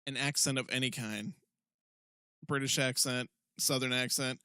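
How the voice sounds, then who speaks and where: Co-host type: mid-pitched man with a bright edge, talkative and profane, dry close mic. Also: fairly even intonation, moderate pace, clear, resonant tone, dry recording. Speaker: podcast co-host. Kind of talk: casual chat.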